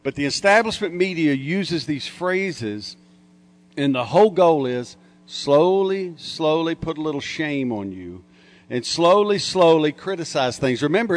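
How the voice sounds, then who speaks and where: A man speaking to a conference crowd in a punchy, joking, mocking way. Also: a little high. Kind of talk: lively conference talk with audience call-and-response. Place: conference hall.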